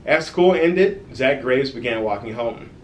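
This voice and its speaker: A man with a middle-pitched voice reads a children's story aloud, lively and friendly, stopping now and then to talk straight to the young listeners. The room around him is echoey, and a faint hiss runs under the recording. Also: a little slow. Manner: lively storytelling with asides to kids. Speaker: author reading his own book.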